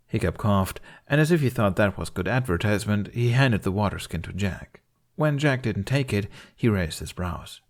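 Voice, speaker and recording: A man reading a fan fiction story aloud in calm, measured audiobook narration. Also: on the low side.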